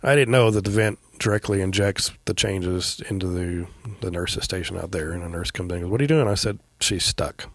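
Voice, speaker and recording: A middle-aged man telling a personal story as a podcast guest, in a quiet, halting way with many pauses and fillers. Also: low voice, no room sound. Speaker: guest, veteran paramedic.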